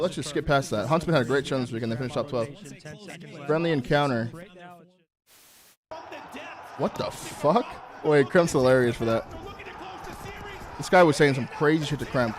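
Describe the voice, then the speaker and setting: A man hosting a live watch party stream, talking casually and excitedly to his chat and swearing freely. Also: a little high, normal speed, long pauses. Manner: profane, hyped, talks to chat.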